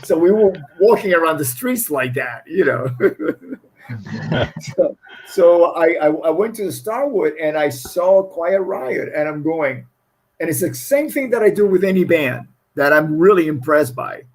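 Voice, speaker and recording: A middle-aged man with a foreign accent tells stories in a relaxed interview, rambling and laughing as he goes. His voice sits a little high and has a husky grain. He often restarts his phrases mid-thought. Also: measured pace, poor audio. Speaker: guest musician. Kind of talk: casual storytelling interview.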